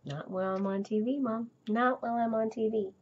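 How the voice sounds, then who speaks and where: A woman's voice: a little high, fairly even intonation, fairly quick, a little mellow, highs cut off. A woman voicing her big pampered male house cat, grumbling back at her in a mock-grumpy way. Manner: mock-grumpy, talking back to his owner.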